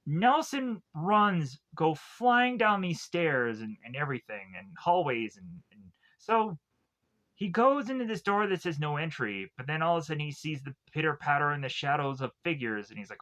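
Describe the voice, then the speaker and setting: Young man, slightly high voice, rambling comedic movie recap, laughs at own jokes. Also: very animated, normal speed, a bit bright. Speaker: movie reviewer. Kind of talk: casual comedic recap with goofy quoted asides.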